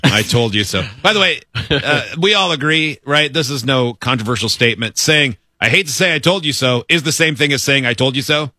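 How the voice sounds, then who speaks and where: A man hosting a casual group chat, reading old tips aloud in an animated, joking way. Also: fairly high pitch, fairly quick, no room sound.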